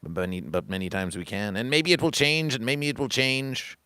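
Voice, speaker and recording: Guy on a livestream ranting like a preacher, bright edgy voice, dry close mic, keeps repeating himself. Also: medium pitch, moderate pace, clear, resonant tone, no room sound. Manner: grandiose, repetitive, preacher-like cadence. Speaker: livestream host. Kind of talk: rambling comic livestream monologue.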